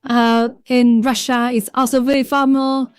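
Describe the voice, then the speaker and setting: A woman's voice: a little high, flat delivery, unhurried, clear, resonant tone, no room sound, studio quality. A woman with a Vietnamese accent chatting casually on a livestream, rambling and greeting viewers from chat by name. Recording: faint background music.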